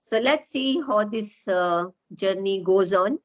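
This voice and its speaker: A middle-aged woman with an Indian English accent hosting an interview, asking long, winding questions with pauses. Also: mid-range voice, rough recording. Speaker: interviewer, host of English-speaking sessions. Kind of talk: conversational interview.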